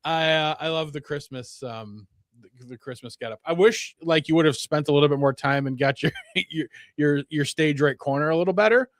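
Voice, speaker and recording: A man in his forties co-hosting a podcast, talking in a dry, low-key way with halting fillers. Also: no echo. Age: 40s. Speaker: podcast co-host. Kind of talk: casual chat.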